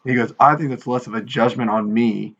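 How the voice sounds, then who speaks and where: A man in his thirties co-hosting a podcast, telling an animated story in casual chat and acting out quoted lines with exasperation. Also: mid-range voice, fairly quick, creaky, lo-fi sound. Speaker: podcast co-host.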